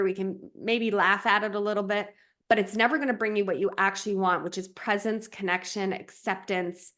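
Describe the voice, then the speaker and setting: Brief: female relationship coach, podcast talk, reflective, medium pitch, lays things out step by step. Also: a bit bright. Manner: reflective, explains with examples and checklists.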